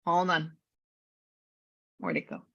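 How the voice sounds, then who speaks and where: A chatty woman with a Southern US accent leads a psychic session over a video call. Her voice is bright and clear, and she rambles with lots of filler words. The call audio comes through dull and lo-fi. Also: takes it slowly. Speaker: psychic medium. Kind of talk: casual chat on a video session. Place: her new studio.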